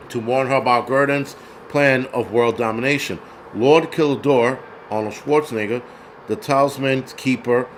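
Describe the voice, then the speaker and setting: A man's voice: mid-range voice, a bit bright, a little hiss or hum, low-quality recording. A man hosting casual film commentary who rambles, curses freely and searches for details aloud.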